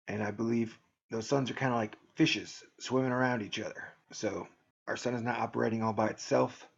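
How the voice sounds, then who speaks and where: A man talks in a loose, sarcastic monologue for his own video channel, rambling and laughing at his own jokes. His voice is gravelly and a little husky at a middling pitch. The recording sounds dull and lo-fi. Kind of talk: casual joking monologue.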